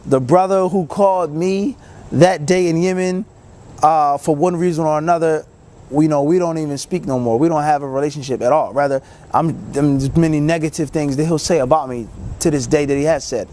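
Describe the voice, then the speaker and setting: A man, an Islamic teacher, telling a personal story in a casual, animated way and acting out other people's lines. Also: on the high side, fairly quick. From United States. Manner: casual, many fillers like "you know".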